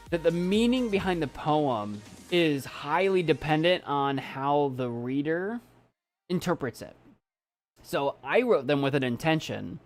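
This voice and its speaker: A man talking casually to his viewers in a calm, soft voice that swings lively up and down in pitch. He stops and restarts often, choking up as he speaks. Faint music plays under him. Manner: halting, many restarts, choked up and emotional. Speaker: YouTube creator and poet. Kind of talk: casual live chat with viewers.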